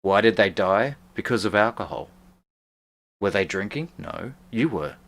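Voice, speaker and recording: A man's voice: lowish voice, lively intonation, unhurried, a bit bright. A man co-hosting a casual talk show who argues bluntly and swears. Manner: blunt, profane, argumentative. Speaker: co-host. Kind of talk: casual chat.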